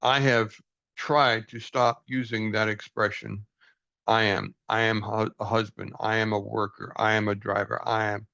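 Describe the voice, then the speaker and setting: A man's voice: fairly low pitch, little pitch movement, a little slow, gravelly, bright, forceful tone. An older man reading from a book aloud and reflecting on it in an earnest, folksy, self-deprecating way, on a dull lo-fi recording. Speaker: book study host.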